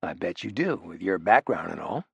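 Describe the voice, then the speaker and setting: A man voicing a dry, teasing, lawful sidekick in an audiobook, low-key and understated. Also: sing-song, normal speed, gravelly, fairly bright tone, slightly rough, no echo, exaggerated voice. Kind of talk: audiobook character voice.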